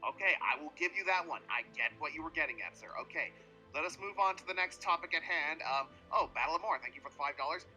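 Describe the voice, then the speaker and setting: A man's voice: fairly high pitch, pushed and bright, muffled recording, faint music behind. A man co-hosting a live stream, teasing and moderating the debate and reading out donations. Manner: fast, teasing, playfully moderating. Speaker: stream co-host. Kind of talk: casual chat, reading donations.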